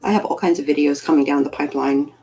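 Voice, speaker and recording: Husky, mellow-voiced woman chatting playfully. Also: low voice, fairly even intonation, fast, low-quality recording. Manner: rambling, playful, self-deprecating. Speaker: livestream host. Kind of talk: casual live-stream chat.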